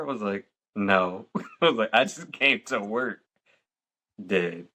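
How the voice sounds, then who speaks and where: A man in his mid-thirties hosts a relaxed podcast conversation. He has a bright, forceful tone sitting a little low in pitch, and he tells stories animatedly, acting out what people said. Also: unhurried. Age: 30s. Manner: animated storyteller acting out quotes. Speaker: podcast host. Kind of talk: casual chat.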